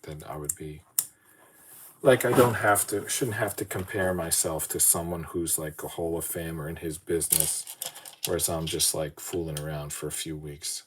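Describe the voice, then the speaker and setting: Over steady background noise, a man with a very deep voice chats to himself at normal speed as he builds a model. This podcast host rambles and makes fun of himself throughout his casual solo talk.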